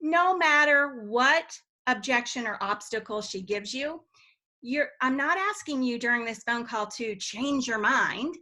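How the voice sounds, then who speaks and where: A woman's voice: on the high side, lively intonation, unhurried, sharp tone. A middle-aged woman giving a chatty sales training talk, often checking in with her listeners with questions.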